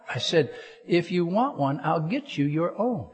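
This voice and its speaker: A man preaching a humorous storytelling sermon, getting loud and excited and throwing jokey asides to a live audience in church. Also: a little high, measured pace. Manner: animated, gets loud and excited telling the story.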